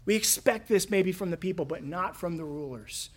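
A man's voice: sits high, normal speed, few pauses, a bit bright. A man preaching a sermon in a conversational way, acting out the voices he quotes. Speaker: pastor.

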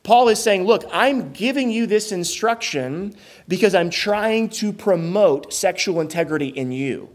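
A man's voice: high voice, expressive, measured pace. A young adult man preaching a sermon as a pastor, earnest and emphatic, with rhetorical questions and rising stresses.

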